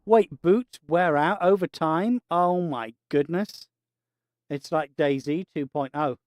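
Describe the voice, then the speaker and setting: A man gives casual commentary while streaming a game. He jokes and talks to himself in a slightly high voice. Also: takes it slowly, no echo. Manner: joking, chatty, talks to himself.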